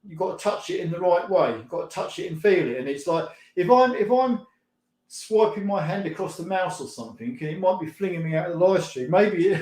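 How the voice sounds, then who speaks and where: Middle-aged male stream host, rambling and laughing, slightly higher voice, roomy sound. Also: darkish tone. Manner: rambling, laughs often, mild swearing. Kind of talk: casual chat reading viewer comments.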